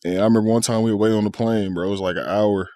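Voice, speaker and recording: A man's voice: lowish voice, fairly even intonation, racing, warm tone, no echo, clean studio sound. A man in his thirties as a podcast guest, telling stories in a laid-back, slangy way and laughing often. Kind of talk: casual chat.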